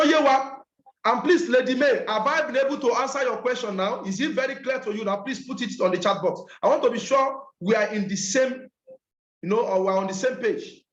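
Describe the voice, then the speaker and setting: A man's voice: very high voice, a bit bright, echoey room, lo-fi sound. A man leading an online business training, emphatic and repeating key points.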